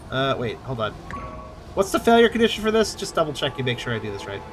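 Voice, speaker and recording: A man's voice: mid-range voice, very animated, quick pace, faint music behind. A man giving casual, chatty let's-play commentary, swearing and joking as he plays. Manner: chatty, swears, laughs easily. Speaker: gamer.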